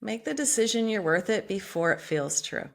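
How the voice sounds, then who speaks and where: A woman's voice: medium pitch, lively intonation, normal speed, gravelly. A woman author speaking as a podcast guest in a passionate, emphatic, motivational way, casually swearing. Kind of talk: motivational interview talk.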